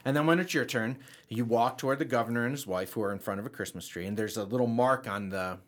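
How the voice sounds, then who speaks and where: A middle-aged man on a podcast telling a funny story in casual chat, his voice jumping high when he quotes himself. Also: fast. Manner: animated, voice jumps high when quoting himself. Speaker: podcast co-host.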